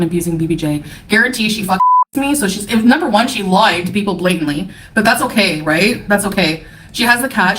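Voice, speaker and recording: Scornful woman ranting on a livestream. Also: medium pitch. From Canada. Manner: profane, scornful, defensive. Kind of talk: angry livestream rant.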